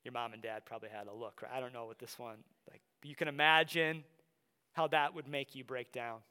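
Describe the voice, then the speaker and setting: A young man from Wisconsin with an Upper Midwest accent, preaching a sermon in a conversational way, often dropping soft for emphasis. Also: mid-range voice, fairly even intonation, brisk, smooth. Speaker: pastor. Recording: long hall reverb.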